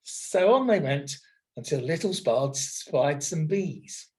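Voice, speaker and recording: A man, a teacher, reading a picture book aloud to children in an expressive storytelling manner. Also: a little high, takes it slowly.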